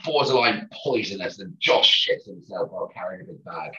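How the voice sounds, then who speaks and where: A man's voice: low-pitched, animated, moderate pace, pushed and bright. A man co-hosting a podcast in casual chat, upbeat and jokey with hesitant starts. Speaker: podcast co-host. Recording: dull, roomy, distant mic.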